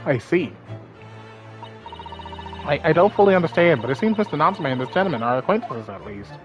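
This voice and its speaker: A woman voicing an earnest, puzzled young law student in a game let's play, speaking low, quiet and bemused. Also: animated, fairly quick, muffled recording, music in the background.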